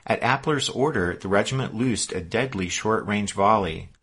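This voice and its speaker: A man reading scripted historical narration in a measured storytelling manner. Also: on the low side, fairly bright tone, slightly rough.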